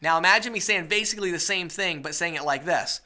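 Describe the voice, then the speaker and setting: A sales trainer with a sharp, high-pitched voice speaks fast as he teaches a webinar lesson. He coaches his listeners and keeps checking in with rhetorical questions.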